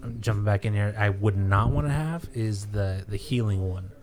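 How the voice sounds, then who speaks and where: A man's voice: lowish voice, darkish tone, a little hiss or hum. A man in casual podcast chat who laughs easily and jokes around. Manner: laughs easily, jokey and quick to agree.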